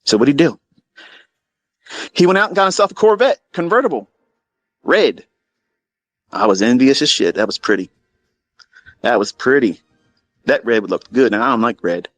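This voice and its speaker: Middle-aged man, mid-pitched, close and dry. Blunt, profane storyteller. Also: animated, normal speed, long pauses, fairly bright tone, no echo. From Maryland, USA. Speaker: trading educator. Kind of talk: casual storytelling monologue.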